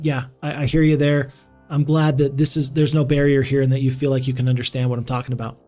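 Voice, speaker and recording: A male streamer talking through a strategy game in relaxed, neutral speech. He rambles and restarts his sentences often, his voice a bit high. Faint music plays underneath. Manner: chatty, rambling, many restarts. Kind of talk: casual live-stream commentary.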